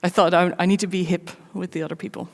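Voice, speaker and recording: A woman giving a live conference talk, candid and personal, with wry self-mocking asides and measured pauses between short phrases. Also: lowish voice, steady tone, gravelly. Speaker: conference speaker. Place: large conference hall. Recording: long reverb of a big hall.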